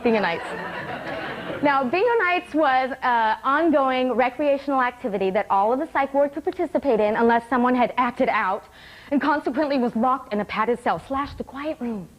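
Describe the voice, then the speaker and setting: A woman's voice: sits high, moderate pace, some chatter behind, poor audio. A woman performing a wry one-woman comedy show on a small theater stage, laughing between lines.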